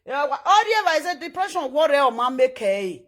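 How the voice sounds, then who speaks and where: A woman speaking in a Nigerian Pidgin accent, ranting loudly and scolding on social media. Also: high voice, brisk. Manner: animated, loud and scolding, switching between pidgin and English.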